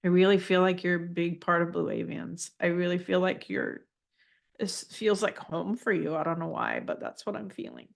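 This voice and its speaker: A woman giving a live channeled spiritual reading, gentle and affirming, often repeating phrases as she passes messages on. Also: on the low side, big pitch swings, normal speed, gravelly.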